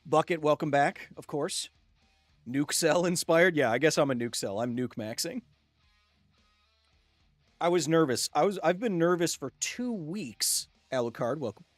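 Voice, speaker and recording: Male streamer, relaxed chatty delivery, dry booth sound, faint guitar bed behind. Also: a little high, a little slow, dry recording. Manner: chatty, jokey, reads chat aloud and laughs often. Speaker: gaming livestream host. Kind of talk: casual live-stream chat.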